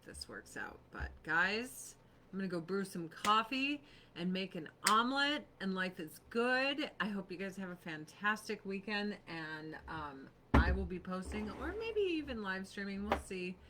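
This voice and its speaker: A woman's voice: mid-range voice, sing-song, a little slow, noisy background. A woman hosting a casual beauty livestream from her home, chatty, laughing often and swearing casually. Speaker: livestream host selling beauty products. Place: home on a snowy mountain.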